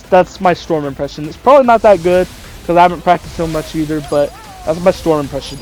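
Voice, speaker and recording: A man's voice: a little high, brisk, darkish tone, faint music behind. A man hosting a gaming video, chatting casually and rambling, correcting himself as he thinks aloud. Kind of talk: casual chat about voice impressions.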